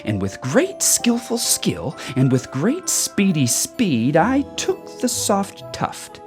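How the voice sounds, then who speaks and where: A woman reading a rhyming children's book aloud in an expressive storytelling manner. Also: low-pitched, slow pace. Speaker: storybook reader. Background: soft background music.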